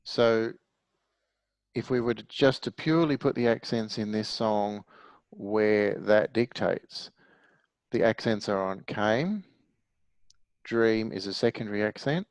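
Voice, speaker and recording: A man's voice: fairly low pitch, unhurried, long pauses, dry recording, low-quality recording. Man teaching a music lesson. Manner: patient, explanatory, asks the class questions. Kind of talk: online music theory lesson.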